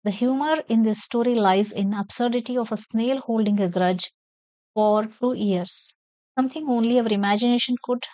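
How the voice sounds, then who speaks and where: This is a woman, teaching a lesson from a play and putting each line into simpler words. Her voice sits a little high. The recording is dry and somewhat muffled. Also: dry recording. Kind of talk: classroom lesson explaining a play. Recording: dull lo-fi sound.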